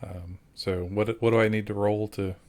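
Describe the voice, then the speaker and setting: A man's voice: fairly low pitch, fairly even intonation, moderate pace, darkish tone. A man playing in a tabletop game, chatty and hesitant, with lots of ums as he works out his moves. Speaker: player.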